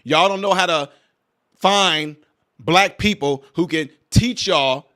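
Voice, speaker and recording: This is a man hosting a reaction video, his voice pitched high and cutting through sharp and bright. He talks straight to his audience as y'all and stacks up mocking questions in exasperation. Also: takes it slowly. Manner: addresses viewers directly as y'all. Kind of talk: reaction commentary.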